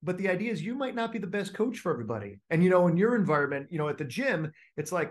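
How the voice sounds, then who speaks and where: This coach speaks in a high voice at a quick clip with few pauses, running a casual teaching session on a group call. His delivery is animated, studded with fillers and false starts, and he performs people's inner voices.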